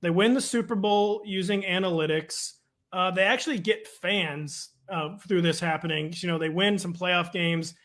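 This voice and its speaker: High-voiced joking male sports co-host. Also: normal speed, fairly bright tone. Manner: joking, rambling with fillers. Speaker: fantasy football analyst co-host. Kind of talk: casual comedic chat.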